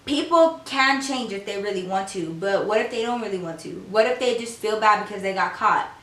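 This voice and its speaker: A woman's voice: mid-range voice, a little fast, distant mic. A young woman telling a story to her camera in a casual, slangy way, acting out what people said. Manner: animated, slangy storyteller who acts out quotes. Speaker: vlogger. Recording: echoey room, voice a bit off mic.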